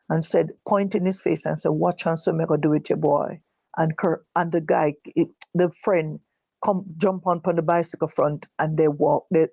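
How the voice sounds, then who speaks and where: A middle-aged woman with a Jamaican accent gives a personal testimony, stumbling and restarting as she speaks. Her voice is gravelly and set close and dry. The recording sounds dull and lo-fi. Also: on the low side, dark tone, dry recording. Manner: halting, self-correcting storytelling with repeated words. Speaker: bereaved mother giving testimony.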